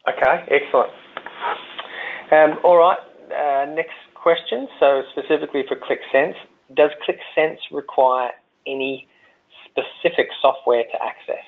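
A man's voice: a little high, steady tone, unhurried, vocal fry. A man with an Australian accent hosting a webinar Q&A, chatty and hesitant, often repeating words and saying "um". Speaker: webinar host. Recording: tinny phone-line audio.

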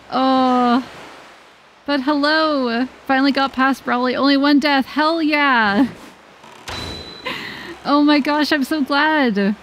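A woman streamer chatting casually with her viewers during a gameplay livestream, bubbly and quick to giggle. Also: high voice, fairly bright tone, a little hiss or hum. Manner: bubbly, giggly, talks to chat.

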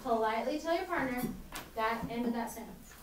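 A woman teaching a primary school class, lively and encouraging, prompting the children to finish sentences aloud. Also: a little high, fairly quick. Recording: roomy classroom audio from a distant mic. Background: children's voices and classroom noise.

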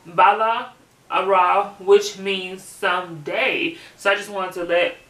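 A woman's voice: mid-range voice, fairly even intonation, slow, fairly bright tone, recorded from a distance. A woman co-hosting a reaction channel as the daughter, chatting casually with bubbly greetings. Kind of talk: casual chat. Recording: echoey room, away from the mic.

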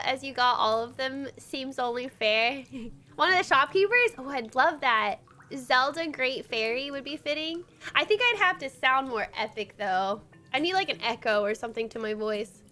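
A woman's voice: high voice, pushed and bright. A young woman streaming a game and chatting casually with her viewers, bubbly and giggly, with lots of "like" fillers. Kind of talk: casual chat while livestreaming a game. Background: faint game music.

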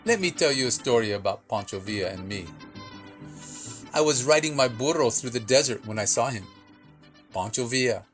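A man voicing a very old storyteller, speaking broken English with dramatic pauses and slow punchlines. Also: medium pitch, expressive, faint music behind, natural voice. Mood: playful. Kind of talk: storytelling for children.

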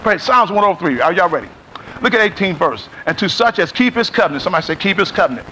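High-voiced man preaching a sermon. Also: sing-song, quick pace, bright, forceful tone, slight background noise. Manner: call-and-response preaching, asks congregation to repeat. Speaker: pastor. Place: church sanctuary.

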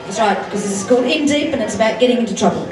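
Wry high-voiced woman onstage. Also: racing. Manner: wry, teasing. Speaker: singer in a duo. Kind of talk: on-stage banter between songs. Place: indoor hall at a Christmas fair. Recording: distant echoey hall, loud crowd and guitar.

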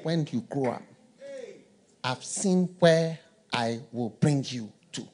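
A preacher voicing a quiet small boy who speaks slowly and solemnly. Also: mid-range voice, voice pushed down, close to an everyday voice.

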